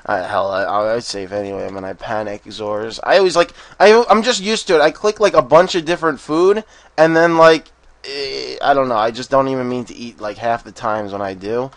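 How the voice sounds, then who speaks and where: A man giving casual gameplay commentary, excitable and profane, often bursting into rapid panicked strings of "no" and laughing. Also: mid-range voice, dry recording. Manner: swears freely and laughs often. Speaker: game commentator.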